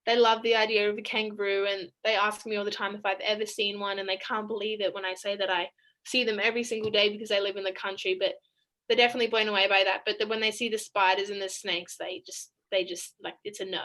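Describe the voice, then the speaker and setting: Young aussie woman on a video call, bright forceful voice, chatty, laughs a lot. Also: mid-range voice, low-quality recording. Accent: Australian. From Australia. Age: young adult. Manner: chatty, laughs often between sentences. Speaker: college basketball player. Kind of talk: casual interview over video call.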